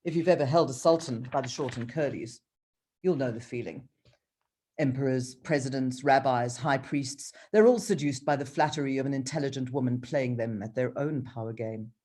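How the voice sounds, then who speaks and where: Brief: low-pitched woman author, reads her prose aloud, hesitant in chat, video call. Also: normal speed, mellow. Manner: hesitant, with many ums and restarts in chat. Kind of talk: reading her novel aloud and chatting.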